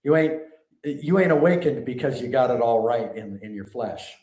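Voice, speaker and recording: A man's voice: medium pitch, lively intonation, moderate pace, a little mellow. Man, preacher, conversational sermon, asks the crowd questions, roomy hall sound, distant mic. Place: large hall before a live audience.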